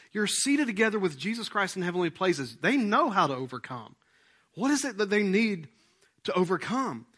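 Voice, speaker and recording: A middle-aged male pastor preaching a sermon, swinging between loud appeals and hushed lines and acting out quoted prayers. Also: sits high, husky. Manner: acts out quoted prayers and asides.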